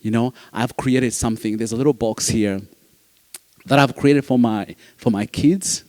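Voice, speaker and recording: A man's voice: mid-range voice, measured pace, a little mellow. A man, a foster dad giving a heartfelt speech to an audience, earnest, repeating phrases and restarting sentences. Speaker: foster parent speaking at a summit.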